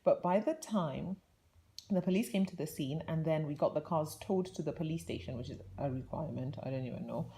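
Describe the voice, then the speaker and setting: A woman's voice: low voice, a little fast, dark tone. A young woman vlogger telling a rambling, chatty story in a casual way, laughing often between her words.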